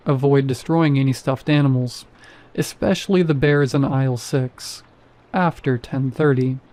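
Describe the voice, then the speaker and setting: A deadpan, indifferent night-shift security guard from a horror story, voiced by a man. He speaks flatly, as if nothing matters, in a dark, mellow tone. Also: medium pitch, normal speed, natural voice. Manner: flat, almost bored delivery. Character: apathetic male supermarket security guard, flat and bored.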